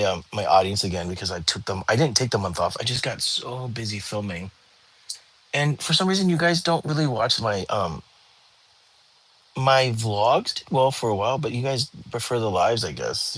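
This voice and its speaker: A tired young man, hosting a relaxed livestream and chatting with viewers from home. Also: on the low side, normal speed, husky. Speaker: livestream host. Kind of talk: casual livestream chat. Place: home, lying down.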